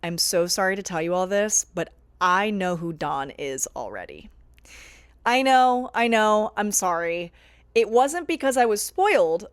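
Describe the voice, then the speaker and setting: A woman's voice: medium pitch, clear, resonant tone, no echo. Chatty woman reviewing a show, dry sound. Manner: chatty, animated, self-deprecating. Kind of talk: casual vlog commentary.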